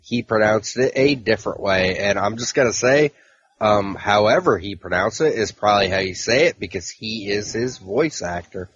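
Husky low-voiced man, dry podcast host. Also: moderate pace, fairly bright tone, no echo, highs cut off. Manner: reads out titles in a list, dry asides. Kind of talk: casual chat.

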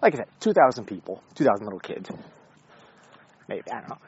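Guy rambling while walking his dog outside, swears a lot, animated voice, kinda muffled audio. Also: lowish voice, fast talker, a little hiss or hum. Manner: rambling, profane, self-mocking, talks to his dog. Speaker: vlogger. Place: outdoors on a neighborhood street.

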